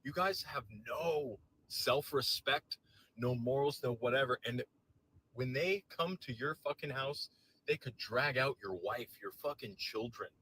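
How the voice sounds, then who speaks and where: A man's voice: mid-range voice, unhurried, sharp tone, slight background noise, low-quality recording. A man delivering a heated, profane and sarcastic political rant to camera, visibly agitated. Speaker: political commentator.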